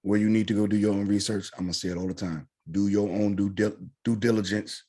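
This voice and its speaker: A man's voice: on the low side, fairly even intonation, quick pace, warm tone, slightly rough. A man co-hosting a podcast, speaking in casual chat that is earnest, lecturing and profane.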